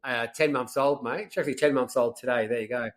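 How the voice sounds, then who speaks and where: A young Australian man hosting a podcast interview, chatty and relaxed, calling his guest mate and filling pauses with um. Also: mid-range voice. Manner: chatty, says mate a lot, many fillers. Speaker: podcast host. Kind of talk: casual interview chat.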